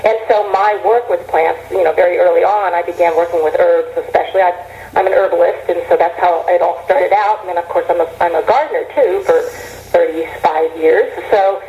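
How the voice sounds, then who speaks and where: A woman's voice: on the low side, steady tone, fairly quick, warm tone, muffled recording. A middle-aged woman, an herbalist guest in an interview, talking earnestly and rambling with frequent restarts. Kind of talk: reflective interview talk. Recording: roomy echo.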